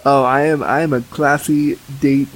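A man's voice: mid-range voice, steady tone, normal speed, rough recording. A young man talking frankly and chattily as a podcast guest, full of fillers. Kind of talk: candid casual conversation.

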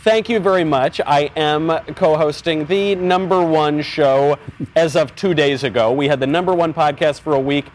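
A man's voice: fairly high pitch, steady tone, moderate pace, a little hiss or hum. A man joining a podcast from a distance, speaking with mock-grandiose, dry humor. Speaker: podcast co-host joining remotely. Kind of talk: casual podcast banter.

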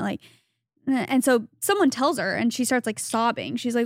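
A young woman co-hosting a podcast, telling a story in animated casual chat and acting out what people said. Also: on the high side, brisk, no echo, clean studio sound. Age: young adult. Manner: animated gossipy storytelling with quoted voices. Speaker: podcast co-host.

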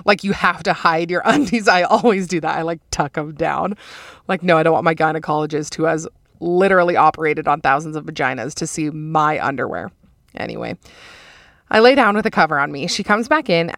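Chatty young woman with a low, dry voice. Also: no room sound. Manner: chatty and animated, laughing often, lots of "like". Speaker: podcast host. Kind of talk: casual storytelling, reading a listener story.

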